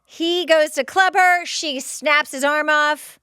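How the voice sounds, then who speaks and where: A woman podcast host giving excited, casual play-by-play commentary while rewatching a TV episode. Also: high voice, slow pace, no room sound, clean studio sound. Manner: excited, gushing, narrating scenes as they happen.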